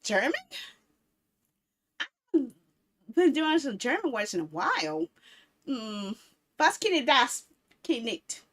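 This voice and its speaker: A woman's voice: high voice, big pitch swings, takes it slowly, long pauses, a bit bright. A woman in her thirties streaming a casual chat, rambling playfully and laughing often. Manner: playful, silly baby talk.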